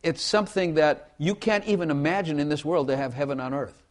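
Folksy preacher man, slightly high voice. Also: a little fast. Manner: folksy, repeats phrases, asks the congregation for amens. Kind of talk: sermon.

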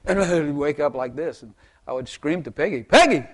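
A man's voice: fairly high pitch, brisk, darkish tone. An older man preaching a rambling, folksy sermon to his congregation, chuckling and repeating words as he goes. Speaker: pastor.

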